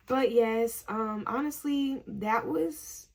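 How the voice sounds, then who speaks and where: Gravelly, husky young woman telling a story. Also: mid-range voice, fairly even intonation, normal speed, darkish tone. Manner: chatty storytelling, laughs often, fills with "like". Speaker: vlogger, nursing student. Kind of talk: casual story-time chat.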